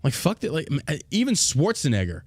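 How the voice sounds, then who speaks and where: A man's voice: a little high, huge pitch swings, fast, husky. A man hosting a podcast, ranting in a profane, mocking and heated way. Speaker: podcast host. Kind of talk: ranting political podcast commentary.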